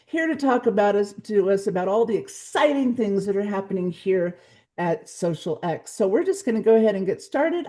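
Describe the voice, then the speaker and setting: A woman hosting an online company meeting, upbeat and excited as she introduces the speakers. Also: medium pitch. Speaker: meeting host.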